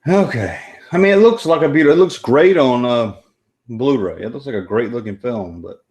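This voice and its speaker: A man's voice: mid-range voice, lively intonation, moderate pace, a little mellow. A man with a Southern American accent hosting a live stream, chatting and rambling as he reacts to a movie. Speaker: host. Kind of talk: casual live-stream commentary.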